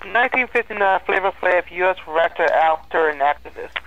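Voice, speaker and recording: A man's voice: high-pitched, animated, fairly quick, muffled recording, soft background music. A man in a casual chat, reading out birth dates in a plain, matter-of-fact way. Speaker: podcast co-host.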